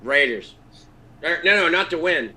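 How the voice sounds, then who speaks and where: A man's voice: on the high side, animated, a little slow, sharp tone. A man with a Pittsburgh accent on a sports podcast, rambling and hesitant with crude language. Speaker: podcast co-host. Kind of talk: casual sports chat.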